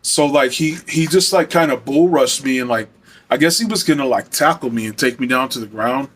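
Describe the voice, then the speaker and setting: A man's voice: mid-range voice, a little fast, a bit bright, breathy edge. A young man from Arizona telling a story in a casual, rambling way, full of fillers and frequent swearing.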